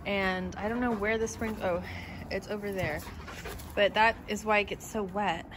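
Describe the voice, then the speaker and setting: A woman's voice: medium pitch, fairly even intonation, moderate pace, a bit bright, slight background noise. A young woman vlogging at home and in her car, talking in a chatty, nervous way with lots of fillers like "um" and "like". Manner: chatty and anxious, many fillers like "um" and "like". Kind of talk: casual vlog chat.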